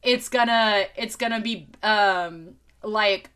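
A woman hosting a podcast, telling a video game story in casual chat, animated and swearing freely, with lots of fillers. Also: medium pitch, slow pace, clean tone. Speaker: podcast host.

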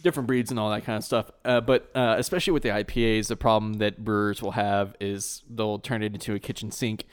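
Casting: man, lowish voice, chatty podcast co-host who rambles through explanations. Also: fairly even intonation, quick pace, few pauses, smooth. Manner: explains at length with fillers and restarts. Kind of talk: casual chat.

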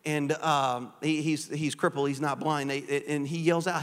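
A man preaches to his congregation, animated and conversational, peppering his talk with rhetorical questions. His voice sits a little high for a man. The sound carries the long reverb of a church sanctuary. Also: unhurried, smooth. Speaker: pastor. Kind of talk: sermon.

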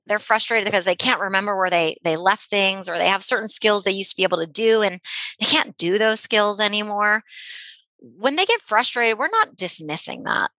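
Woman therapist, gentle and encouraging instructional talk, bright tone, dry sound. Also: medium pitch, no room sound, poor audio. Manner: gentle, encouraging, repeats words, many "you know"s. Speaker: therapist teaching a technique.

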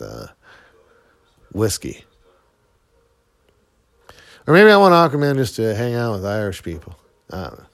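A middle-aged man giving casual, rambling commentary over a movie, full of fillers and small chuckles. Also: deep voice. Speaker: film commentator.

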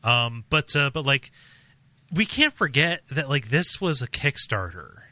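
A man co-hosting a casual podcast, talking in loose, rambling runs full of "like" and false starts. His voice is very bright and forward, recorded close and dry with almost no room sound. His pitch sits in an ordinary middle range. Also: very animated, measured pace, no echo. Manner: rambling, filler-heavy, heavy use of "like". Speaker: podcast host. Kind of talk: casual chat.

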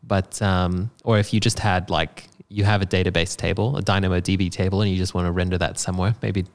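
A man talking casually about software tools, explaining with fillers and swearing offhandedly. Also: deep voice, flat delivery, quick pace. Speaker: software developer. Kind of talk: casual chat.

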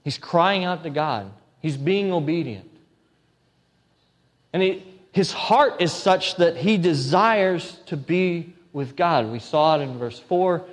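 Male pastor, sermon, earnest and pleading, fairly high voice, long church reverb. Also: expressive, slow pace. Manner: earnest, pleading when reading scripture, conversational asides.

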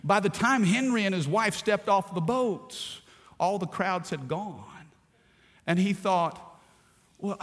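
A middle-aged preacher from Louisiana tells stories from the pulpit, dropping low and quiet, then rising to shouts. His voice sits a bit high for a man. Long reverb trails off in the big sanctuary. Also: unhurried. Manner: storytelling, swings from hushed to shouting with laughter. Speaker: pastor. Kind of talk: sermon.

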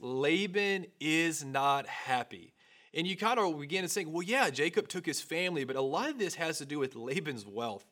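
A man's voice: a little high, a bit bright. A young man preaching a sermon, opening with a personal story in a casual, conversational way. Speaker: pastor.

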